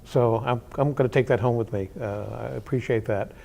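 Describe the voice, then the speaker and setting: Male interviewer, mid-range pitch, hesitant and conversational. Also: brisk, creaky, dark tone. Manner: hesitant, many fillers and restarts. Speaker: interview host.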